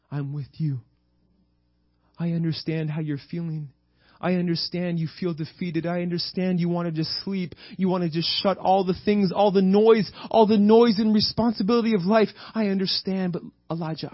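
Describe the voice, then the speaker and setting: Male preacher doing God as a soft, loving comforter; hushed, reassuring, dry sound. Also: high-pitched, fairly even intonation, a little fast, few pauses, no room sound, highs cut off, pitched above the performer's own voice. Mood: tender. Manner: tender, reassuring, repeating comfort. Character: gentle, loving God speaking softly to a weary prophet.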